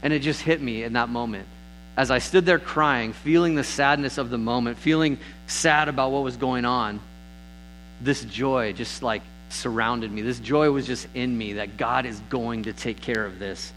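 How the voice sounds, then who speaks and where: A man's voice: moderate pace, fairly bright tone, slight background noise, poor audio. A man preaching a sermon as pastor, earnest in tone, lifting his voice when he reads scripture aloud. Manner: earnest, rises in pitch and volume on scripture readings.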